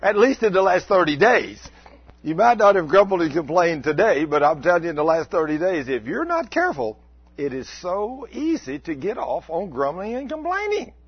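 A man, preaching a folksy, animated sermon. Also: high-pitched, normal speed, husky. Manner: folksy, animated, acts out mock complaints. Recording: dull lo-fi recording.

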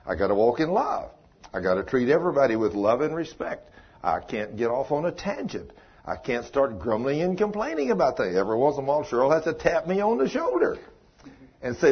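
An older male preacher with a husky, slightly breathy voice delivers a folksy, emphatic sermon. His voice jumps up in bursts of emphasis. The recording sounds dull and muffled. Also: on the high side, very animated, brisk.

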